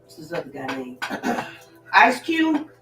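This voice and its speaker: A woman's voice: low-pitched, very animated, slow, a bit bright, distant mic, faint music behind. A woman rambles in a blunt, unfiltered casual monologue, drifting from story to story. She sits away from the mic in a roomy, echoing kitchen. Dishes and pans clatter behind her. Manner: loose, blunt storytelling with profanity and laughs. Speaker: livestream host.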